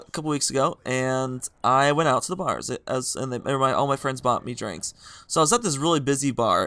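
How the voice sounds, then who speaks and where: A young man casually telling rambling, animated dating stories while he plays a video game, often laughing through them. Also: mid-range voice, clear, resonant tone, no echo. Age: young adult. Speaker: gaming vlogger. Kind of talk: casual storytelling over gameplay.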